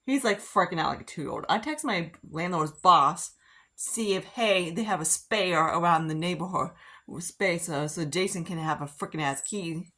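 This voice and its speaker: Woman vlogger, lowish voice, rambling casual makeup chat, heavy on "like". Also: moderate pace, sharp tone. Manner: rambling, filler-heavy, frequent "like". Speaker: beauty vlogger. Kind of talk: casual get-ready-with-me chat.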